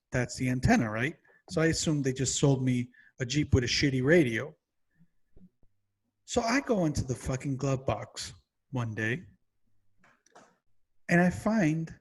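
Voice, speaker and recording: A man co-hosting a podcast, telling a frustrated, profane comedic rant that builds to yelling. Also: mid-range voice. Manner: exasperated, swears constantly, builds to yelling. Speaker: podcast co-host.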